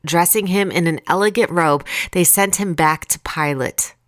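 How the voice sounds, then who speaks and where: A woman reading scripture aloud in a calm, deliberate, expressive way. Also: on the low side, dry recording, studio quality. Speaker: Bible reader.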